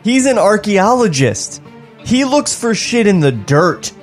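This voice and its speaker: A man's voice: high voice, very animated, unhurried, faint music behind. A man co-hosting a comedy podcast, reading screenplay narration aloud and breaking off into incredulous rants. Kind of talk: comedic table read narration.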